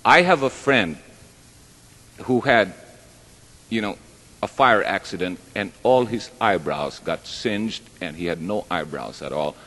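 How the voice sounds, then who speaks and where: He speaks a little slowly in a deep voice that sounds pushed and bright. It's live stand-up in a large hall with an audience, and his chatty, meandering jokes keep turning on himself. Long reverb from the hall fills the recording.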